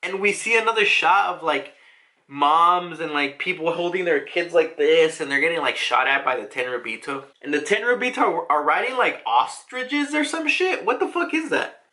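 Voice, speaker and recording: A man casually recapping a comic chapter, excitable and animated, swearing freely as he goes. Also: fairly high pitch, moderate pace. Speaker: comic reaction host.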